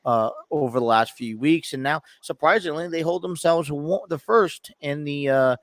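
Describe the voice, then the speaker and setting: A man's voice: fairly high pitch, moderate pace, dry recording, clean studio sound. A man co-hosting a sports podcast in casual chat, rambling with many restarts and easy laughter.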